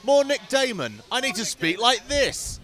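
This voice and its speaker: A man putting on a colleague's voice, high and excitable, teasing him on a race stream. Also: measured pace, soft background music, heavily acted.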